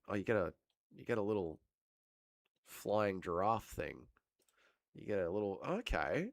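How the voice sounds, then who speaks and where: A man's voice: on the low side, expressive, moderate pace, a bit bright, no room sound. An Australian man with a cold hosting a livestream, chatting casually with his viewers, rambling and swearing a lot. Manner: crude, swearing, rambling banter. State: has a cold. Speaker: livestream host. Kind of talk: casual chat reading live chat.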